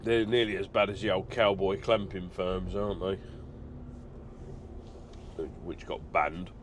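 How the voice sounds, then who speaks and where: A man's voice: sits low, steady tone, unhurried, a little hiss or hum. A middle-aged man, chatting casually in a trucker vlog, rambling with lots of ums and uhs. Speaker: truck driver vlogger.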